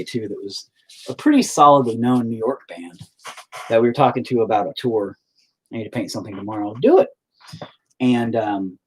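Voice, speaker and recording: A man's voice: fairly low pitch, darkish tone, breathy edge. A middle-aged man telling rambling, profane stories in a laid-back way while painting. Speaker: painter and musician streaming. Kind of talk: casual storytelling while painting.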